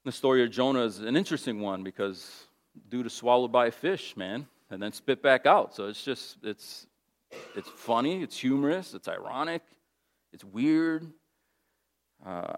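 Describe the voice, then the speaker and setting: A man's voice: mid-range voice, animated, normal speed, gravelly. A man preaching a sermon in a casual, conversational way, telling stories with lots of animation. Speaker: pastor.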